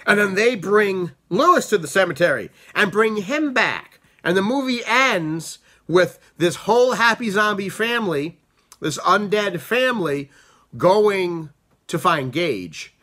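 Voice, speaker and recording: A man giving a casual spoken review of a film, talking in an animated, rambling way with frequent restarts. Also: high voice, unhurried. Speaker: book and movie reviewer.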